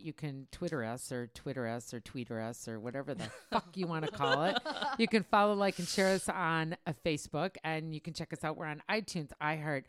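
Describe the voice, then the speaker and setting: A woman's voice: low-pitched, fairly quick, hardly any pauses, smooth, no room sound, studio quality. A woman hosting a podcast, talking a lot with crude, brash joking. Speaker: podcast host. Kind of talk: casual podcast chat. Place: podcast studio.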